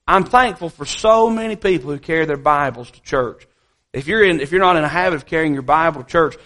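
A man's voice: a little high, fairly bright tone. A man preaching a sermon as pastor, emphatic and repeating key phrases, with folksy asides, in a church.

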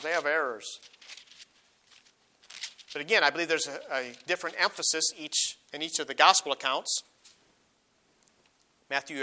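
A middle-aged man preaching a sermon as a pastor, earnest, slowing down and rising when he reads scripture aloud. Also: fairly high pitch, sharp tone. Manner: earnest, slows and rises on quoted verses.

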